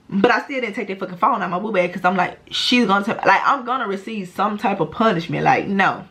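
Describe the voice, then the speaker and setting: Young woman vlogging a storytime, cussing a lot, super animated, slangy. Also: medium pitch, fast talker, few pauses, background noise. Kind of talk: casual storytime vlog.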